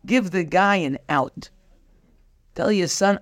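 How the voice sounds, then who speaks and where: A man's voice: high-pitched, slow pace, no room sound, studio quality. A man teaching a daily Torah class, acting out bits of dialogue and mixing in Hebrew terms. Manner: animated, acts out dialogue, mixes in Hebrew terms.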